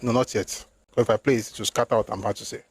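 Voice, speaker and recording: A fairly low-pitched man with a steady tone and breathy edge speaks rapid-fire in an opinionated political monologue as a commentator. Emphatic and rhetorical, he slips into phrases, rises into indignant outbursts, and alternates between English and Yoruba.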